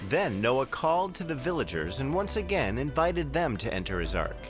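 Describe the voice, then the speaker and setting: Man doing calm pious Noah for a kids' cartoon, earnest storybook read, lively pitch, music bed underneath. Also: normal speed, close to an everyday voice. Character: calm pious male biblical patriarch. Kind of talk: scripted children's cartoon narration.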